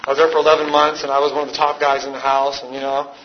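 A man's voice: mid-range voice, little pitch movement, rapid-fire. A man telling his recovery story to a live meeting, rambling and self-mocking, often laughing at himself. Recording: dull lo-fi with background noise.

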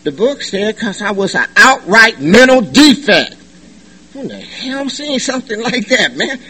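A middle-aged man tells his story to a recovery meeting, animated and full of jokes. His voice sits high and bright with a husky edge. He talks in loose slangy speech and laughs often. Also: a little slow, low-quality recording. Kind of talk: personal testimony at a meeting. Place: meeting room.

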